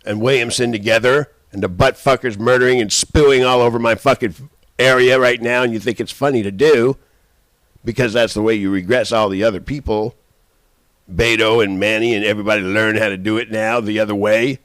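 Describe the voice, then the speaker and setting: A man in a rambling, profane personal rant, swinging between shouting and muttering. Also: fairly low pitch, fairly even intonation, fairly quick, no echo. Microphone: handheld camera.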